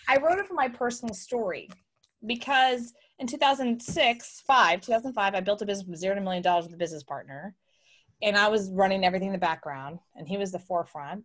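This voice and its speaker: A middle-aged woman, a guest entrepreneur, telling her story in a casual interview, acting out the voices she quotes. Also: lowish voice. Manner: animated, acts out quoted voices.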